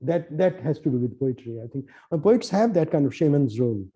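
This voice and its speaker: Man from nepal, animated storyteller, very dark tone, dull lo-fi sound. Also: on the high side, fairly quick. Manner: lively, acts out quoted dialogue, many restarts. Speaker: poet and translator.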